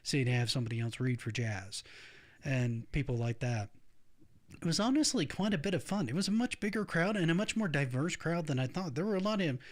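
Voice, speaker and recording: A man's voice: fairly high pitch, expressive, fairly quick. A middle-aged man hosting a casual podcast chat, rambling with frequent restarts and laughing often. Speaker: podcast host.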